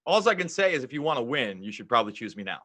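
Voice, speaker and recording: Fast, bright-voiced cocky man. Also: medium pitch, big pitch swings, dry recording. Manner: cocky, joking. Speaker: trivia contestant guest. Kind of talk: casual banter.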